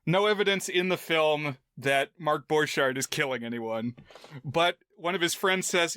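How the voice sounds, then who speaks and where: A man's voice: a little high, a little slow, bright, forceful tone, no room sound, studio quality. A man co-hosting a film podcast, talking casually and conversationally with frequent fillers. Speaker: podcast co-host.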